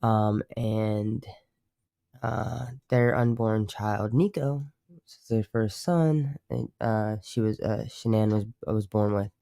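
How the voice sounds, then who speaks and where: A slow, gravelly, warm, lowish voice belongs to this livestream host, who chats in a rambling, profane fashion and often stops to correct himself. The recording is studio quality with no echo.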